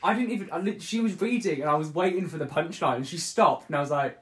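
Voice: medium pitch, fast talker, a bit bright. A podcast host rambling through a casual chat and laughing often.

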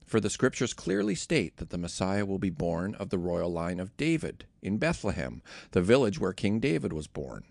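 A man narrating a scripture reading in a steady, measured way. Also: low-pitched, creaky, no echo. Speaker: scripture reader.

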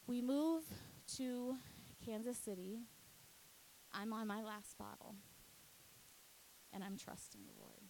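A woman's voice: medium pitch, darkish tone, slight background noise, rough recording. A woman, a youth pastor, earnestly telling a personal faith testimony, at times emotional. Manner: earnest storytelling, often emotional.

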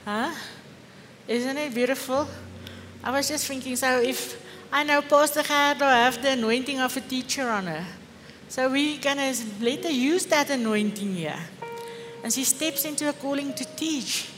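A woman's voice: sits high, normal speed, a bit bright, slight background noise. Fervent Afrikaans-accented woman preaching. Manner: fervent, with rhetorical questions. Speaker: pastor. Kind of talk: sermon. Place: church hall. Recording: echoey church hall with faint music.

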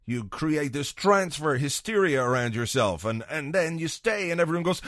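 A man's voice: on the high side, normal speed, few pauses, no room sound. A man hosting a football podcast in a loose, chatty way, swearing freely and acting out little scenes. His voice swings up and down a great deal. The sound is dry, with no room around it. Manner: sweary, animated, acts out voices for comic effect. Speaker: podcast host. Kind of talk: casual football podcast monologue.

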